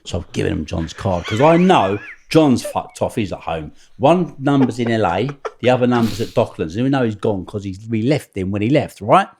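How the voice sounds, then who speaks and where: A middle-aged man, a podcast guest telling animated stories full of swearing. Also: fairly low pitch, moderate pace, few pauses, slight background noise. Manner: animated, swearing, acts out other people's voices. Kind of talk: storytelling anecdote.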